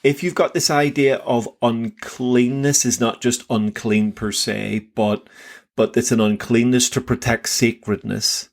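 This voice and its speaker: An older man co-hosting a Bible podcast, talking excitedly in halting bursts, repeating words as he goes. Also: mid-range voice, vocal fry. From England. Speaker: podcast co-host. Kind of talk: casual Bible discussion.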